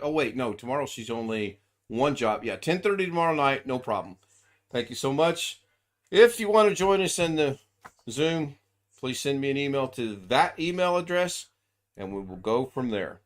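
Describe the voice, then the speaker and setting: A man's voice: mid-range voice, fairly bright tone. A man hosting a casual live stream, chatting loosely and reading out viewers' names. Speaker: livestream host.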